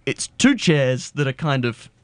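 A man's voice: medium pitch, big pitch swings, unhurried, no echo. An Australian man co-hosting a radio show, ranting in a playful, mock-indignant way. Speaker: radio co-host. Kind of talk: casual radio banter.

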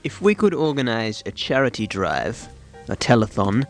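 A man hosting a late-night comedy radio show. He rambles in a mock-earnest, deadpan manner at a middling pitch. Faint music plays underneath. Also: normal speed, creaky. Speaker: radio host.

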